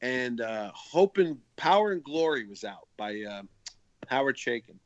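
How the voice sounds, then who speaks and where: A man's voice: mid-range voice, sing-song, measured pace, no room sound, lo-fi sound. A man guesting on a talk show as a convention organizer, telling rambling stories with restarts and acting out other people's voices. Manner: chatty, rambling with restarts and repeated words. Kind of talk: casual interview storytelling.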